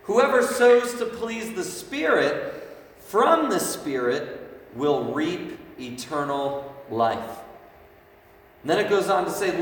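Echoey, fairly high-voiced man preaching. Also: very animated, takes it slowly, a little hiss or hum. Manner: conversational, asks the room frequent "right?" questions. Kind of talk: casual sermon to a youth group. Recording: echoey hall, mic at a distance.

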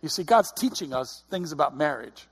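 A middle-aged man delivers a sermon in an earnest, chatty way. His voice sits a little high with a husky edge. He often restarts and repeats his words. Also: expressive, moderate pace. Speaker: preacher.

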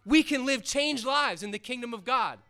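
A man with a very high, bright and crisply clear voice preaches to a young audience. He retells old stories in plain everyday words, earnest and conversational. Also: animated, moderate pace. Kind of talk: casual sermon retelling scripture.

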